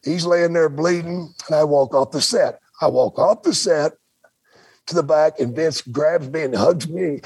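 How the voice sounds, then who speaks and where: A man's voice: a little high, a little slow, darkish tone, slightly rough, no echo. An older man, a podcast host, telling a colorful, profane story and acting out the quotes of other people. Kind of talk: casual storytelling chat.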